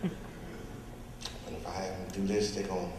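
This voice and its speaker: A man's voice: low-pitched, level tone, slow pace, pitched below the performer's own voice. Man doing a cool, menacing pimp. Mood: cool, low. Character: cool, menacing middle-aged male pimp. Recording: echoey hall recorded from far off with noise.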